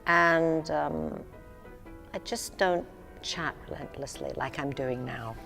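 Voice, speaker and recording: A woman's voice: low-pitched, slow, creaky, a bit bright, soft background music. Candid older woman singer, reverberant sound. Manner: candid, self-deprecating, laughs often. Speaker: singer and stage actress, interview guest. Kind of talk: relaxed conversational interview.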